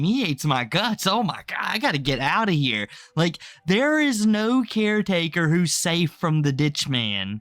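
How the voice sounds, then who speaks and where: A high-voiced man narrates a commentary video with a sarcastic edge. He spins the account like a story, adding wry asides. The recording is dry and close-miked. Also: fairly bright tone, no room sound.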